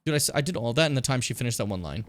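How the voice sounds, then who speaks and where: A man's voice: mid-range voice, expressive, racing, a bit bright. Rambling, chatty male game streamer. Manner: rambling, chatty, self-deprecating, swears freely. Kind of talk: casual live-stream commentary.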